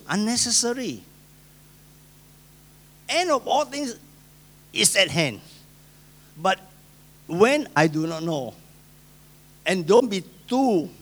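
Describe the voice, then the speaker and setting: This sermon comes from a male pastor whose voice sits on the high side and carries a Singaporean English accent. Loud emphasis gives way to soft asides, and he performs the voices of people he cites.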